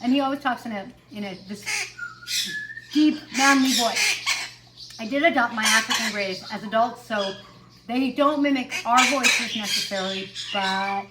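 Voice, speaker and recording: Brief: high-voiced woman, chatty parrot-owner vlogger, loud noise and bird squawks behind. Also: normal speed. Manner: chatty, with fillers and self-corrections. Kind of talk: casual chat to camera.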